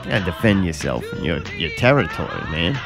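A man with a gravelly voice talks in a blunt, profane, drawling way while co-hosting a loose casual chat. His pitch swings widely as he goes, and faint music plays behind him. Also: big pitch swings, fast.

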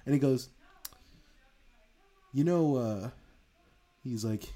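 A man's voice: medium pitch, slow, mellow. Rambling, profane young man telling a story. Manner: rambling, profane, laughs often. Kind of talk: casual storytelling chat.

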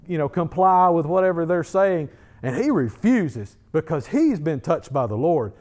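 A man's voice: on the high side, very animated, normal speed, darkish tone. A middle-aged man preaching a sermon in a conversational way, often repeating words as he builds emphasis. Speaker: pastor.

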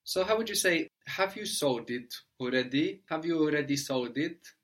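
A man teaching a language lesson, explaining patiently step by step and checking understanding with a quick "no?". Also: on the high side, lively intonation, a bit bright.

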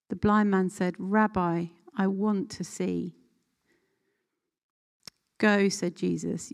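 A woman leading a guided scripture meditation, reading a passage aloud and calmly inviting listeners to pause and reflect. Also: mid-range voice, gravelly. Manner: calm, unhurried, gently instructive with pauses.

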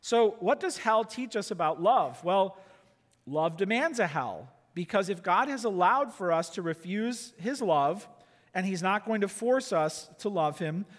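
A man preaching a sermon in an earnest, emphatic way, often dropping to a quiet, intense tone. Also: sits high, lively intonation, unhurried, in a large hall. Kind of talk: sermon teaching.

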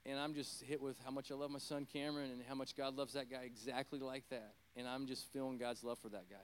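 A man's voice: mid-range voice, little pitch movement, fast, slight background noise. A middle-aged man, a former pastor, preaching a conversational sermon and telling a personal story, rambling with self-deprecating, apologetic asides.

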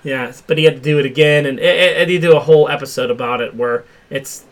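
A man's voice: a little high, fast talker. A man hosting a casual pop culture chat show, talking loosely and swearing freely. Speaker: podcast host.

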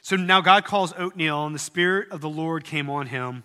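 A man preaching a sermon in earnest tones, rising at times to loud, emphatic peaks. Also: on the high side, moderate pace, clear, resonant tone, long reverb tail. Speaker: pastor.

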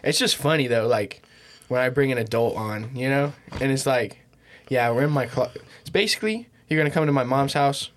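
A man's voice: medium pitch, a little fast. A man hosting a casual podcast from a small bedroom closet, cracking crude jokes and teasing his guest. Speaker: podcast host.

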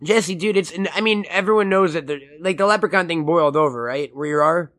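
A man's voice: fairly high pitch, brisk, a bit bright. A man co-hosting a casual audio podcast, joking, swearing freely and acting out quotes in silly voices. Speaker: podcast co-host. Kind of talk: casual chat. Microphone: studio mic, audio-only podcast.

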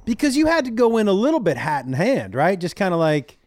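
A man, a comedian guest on a podcast, chiming in with quick reactions and questions in casual chat. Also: sits high, wildly swooping pitch, darkish tone, no room sound.

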